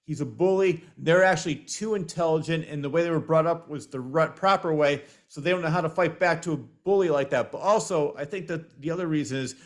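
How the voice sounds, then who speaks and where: A man's voice: on the high side, brisk, hardly any pauses. Man hosting a casual interview. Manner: agreeable, backchannels often. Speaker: podcast host.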